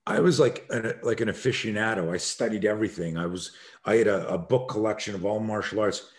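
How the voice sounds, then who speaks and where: Middle-aged male self-defense coach, podcast guest; low voice, animated storyteller who acts out the people he quotes. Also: a little fast. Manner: acts out quoted voices, swings loud and soft.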